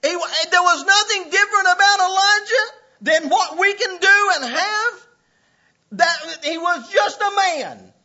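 A man preaching a sermon with passion, often breaking into shouts and laughs. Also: very high-pitched, a little slow. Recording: dull lo-fi recording.

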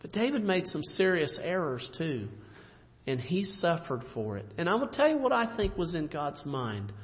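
A man preaches with a high, lively voice that climbs and drops, pressing hard on some phrases and pulling back on others. The recording is muffled and lo-fi, with a long hall echo behind him. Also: normal speed. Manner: emphatic, swooping preacher's delivery with sudden loud and soft turns. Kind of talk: sermon. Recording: dull lo-fi recording in a reverberant hall.

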